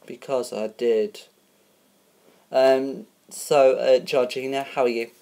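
Hesitant low-voiced woman hosting a spoof show. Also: fairly even intonation, slow pace, vocal fry, a little mellow. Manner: hesitant, full of ums and uhs, stumbles over names. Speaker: host of a homemade spoof show. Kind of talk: casual mock TV presenting.

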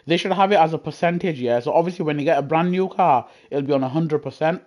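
Excitable man streaming games. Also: fairly high pitch, quick pace. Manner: effusive and excitable, gushing at viewers. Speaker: gaming live streamer. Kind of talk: casual live-stream chat while racing. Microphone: gaming headset.

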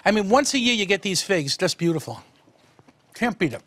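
A man hosts a home cooking segment, chatting while he cooks. His voice sits high and the words tumble out fast. He keeps it folksy and enthusiastic. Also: sing-song, fairly bright tone, dry recording. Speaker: cooking show host, a monsignor.

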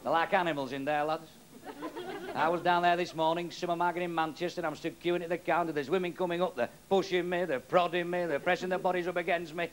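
A man's voice: on the high side, level tone, fast talker, a little hiss or hum. A male comedian teasing the audience with cheeky patter. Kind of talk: stand-up joke telling.

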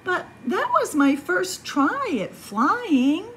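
A woman voicing a young male bird, earnest and proud, reading his lines in an insistent, lively storybook voice. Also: very high voice, takes it slowly, a little hiss or hum, voice pushed up, exaggerated voice. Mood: admitting.

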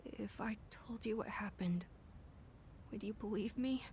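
A woman voicing a grieving, stubborn young boy in a video game, speaking softly and slowly. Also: mid-range voice, a little hiss or hum, close to an everyday voice. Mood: hushed. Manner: soft, hushed, pleading then bitter.

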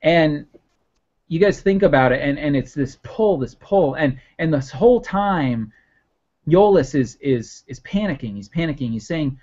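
A man's voice: fairly high pitch, expressive, a little slow, darkish tone. Rambling male game master, lo-fi. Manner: rambling, many fillers and restarts. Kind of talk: narrating a tabletop game. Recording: dull lo-fi recording.

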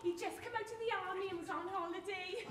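Someone playing a breezy daughter. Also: female voice, extremely high pitch, fast talker, fairly bright tone, reverberant. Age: young adult. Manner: breezy, flippant. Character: cheeky pregnant daughter home from abroad.

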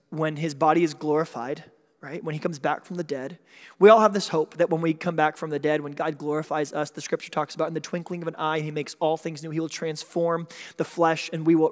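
A male pastor preaching in a church, his voice sitting a little high for a man. He talks in a lively, conversational way, breaking into jokes and quick asides. A long reverb trails behind every line. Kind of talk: sermon. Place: church sanctuary.

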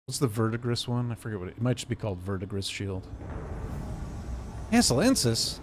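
A man's voice: on the low side, lively intonation, a little fast, slight background noise. A man streaming an online game and talking through it live, playful and joking. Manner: playful and joking, with bursts of laughter and silly sounds. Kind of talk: live gameplay commentary.

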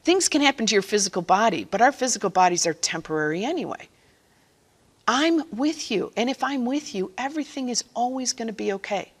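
A woman softly voicing a gentle comforting man. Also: a little high, expressive, fairly quick, husky, voice pushed up. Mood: gently reassuring. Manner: soft, soothing, reassuring. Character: gentle comforting man, Jesus as she imagines him.

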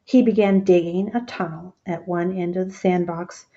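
A woman reading a children's picture book aloud, expressive and stopping to ask the children questions. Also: on the low side, moderate pace, lo-fi sound.

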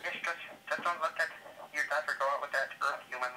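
A man's voice: a little high, steady tone, fast talker, crowd noise. A man chatting on a call during gameplay, dry and exasperated. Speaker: friend on a call. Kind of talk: casual gameplay chat. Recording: noisy phone call.

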